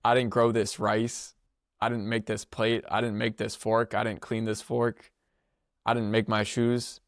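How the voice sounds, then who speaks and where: A young man with a low, gravelly voice tells a story on his podcast in a loose, rambling way, with plenty of slang and quick laughs. The sound is close and dry. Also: monotone, no echo. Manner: rambling, laughs often, filler-heavy slangy speech. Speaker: podcast co-host. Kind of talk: casual storytelling chat.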